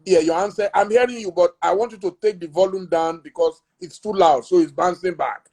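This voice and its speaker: A man leads a relaxed live-stream conversation, chatty and ready with an anecdote. His voice sits high for a man and carries a gravelly rasp. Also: fairly quick. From Nigeria. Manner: chatty, tells a joke with a chuckle. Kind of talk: casual live chat.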